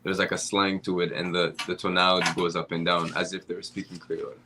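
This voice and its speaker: Deep-voiced man explaining patiently. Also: little pitch movement, a little fast, noisy background. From Haiti. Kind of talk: casual podcast chat.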